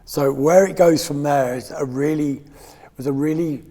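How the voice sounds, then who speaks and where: A man's voice: fairly high pitch, moderate pace, warm tone, big-room sound. A man in his fifties from England, guest in a candid interview, talking in a rambling, emotional way with frequent laughs and restarts. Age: 50s.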